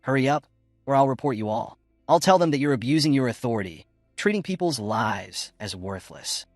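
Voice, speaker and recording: A man's voice: mid-range voice, lively intonation, normal speed, no echo, soft background music, lightly acted. A man voicing a cowardly young bully who snarls threats and whines when hurt. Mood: threatening.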